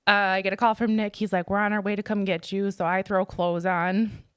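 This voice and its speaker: A young adult woman, the host's sister, telling a story in a quick, chatty way full of "like". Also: mid-range voice, flat delivery, smooth, no room sound, studio quality. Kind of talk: casual storytelling.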